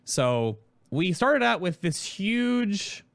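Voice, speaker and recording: Quick, rambling male streamer. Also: high-pitched, big pitch swings, dry recording. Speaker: host. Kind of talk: casual stream talk about a project.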